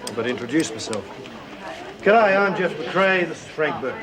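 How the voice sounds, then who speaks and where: A man's voice: a little high, animated, moderate pace, crowd noise, natural voice. An actor playing a cocky, easygoing male newcomer to the prison with an Australian accent, friendly and laconic. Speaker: new inmate.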